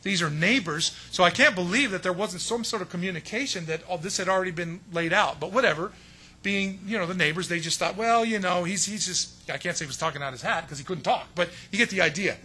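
A middle-aged man from San Diego preaching a relaxed, joking sermon. His voice sits high and bright with a husky edge, and he acts out the people in his stories. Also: quick pace. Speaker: pastor.

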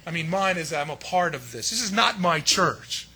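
A man voicing God as a calm, amused and easygoing figure, speaking in a slightly lower, relaxed tone. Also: moderate pace, slightly rough, heavily acted. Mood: reassuring.

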